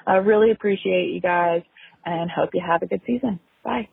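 A woman leaving a friendly, slightly halting voicemail message for a podcast, recorded over the phone. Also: lowish voice, gravelly, breathy edge, no echo, phone-quality sound. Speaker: voicemail caller.

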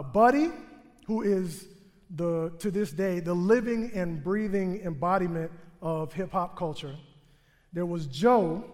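Brief: male stage storyteller, funny and self-deprecating, voice ringing through a big theater. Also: high-pitched. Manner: humorous, self-mocking, animated delivery. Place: theater stage before a live audience. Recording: long theater hall reverb.

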